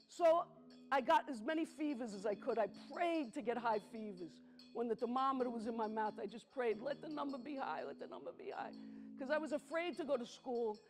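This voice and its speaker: On stage before a live crowd, this solo performer from the Bronx, New York, a woman in middle age, speaks straight to her listeners in a chatty storytelling style. Her voice runs a little high, she draws out words for emphasis, and soft music plays in the background.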